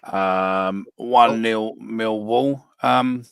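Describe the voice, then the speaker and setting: Blunt man, very low voice, dry close mic, podcast host reading fan predictions. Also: steady tone, very slow, vocal fry, a bit bright, clear, resonant tone, dry recording. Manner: blunt, swears freely. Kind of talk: casual football podcast chat.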